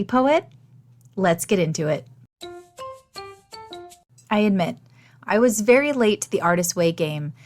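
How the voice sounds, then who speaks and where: A woman hosting a solo podcast, talking in a candid, chatty, self-deprecating way, her voice gravelly and worn after losing it. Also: medium pitch. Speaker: podcast host and teaching artist.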